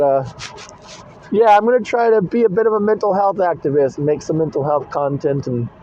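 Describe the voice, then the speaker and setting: Warm in tone and on the high side, this man's voice carries a little hiss or hum on a dull lo-fi phone recording made in his car. He's a vlogger rambling casually from a phone in a car holder, blunt and swearing constantly.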